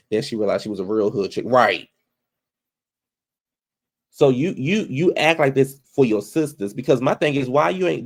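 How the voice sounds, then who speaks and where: A man's voice: mid-range voice, gravelly. A man giving casual commentary, repeating phrases for emphasis and calling out people directly. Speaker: commentary vlogger.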